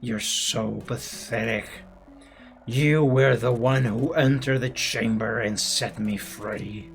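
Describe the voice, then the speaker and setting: Man voicing a slow, gloating evil creature. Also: mid-range voice, creaky, faint music behind. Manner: slow, gloating, drawn-out menace. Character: evil male creature taunting a young witch.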